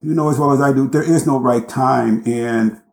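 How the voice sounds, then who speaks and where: A man recounting a personal story as a guest in an interview, speaking with intense, deliberate emphasis and dramatic pauses. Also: mid-range voice, steady tone, gravelly. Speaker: podcast guest. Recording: roomy echo.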